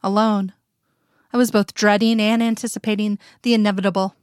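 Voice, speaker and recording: A woman narrating a first-person fan fiction story in a calm, reflective reading. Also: mid-range voice, a little fast, clear, resonant tone, dry recording, studio quality. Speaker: reader.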